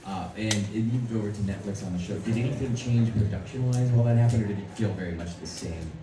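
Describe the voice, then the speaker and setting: A man's voice: fairly low pitch, quick pace, background noise. A man hosting a convention panel, chatty and laughing, with rambling restarts as he asks questions. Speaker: podcast host moderating a convention panel. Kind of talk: casual panel interview. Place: large convention hall. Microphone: handheld mic. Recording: echoey convention hall, distant mic, loud crowd.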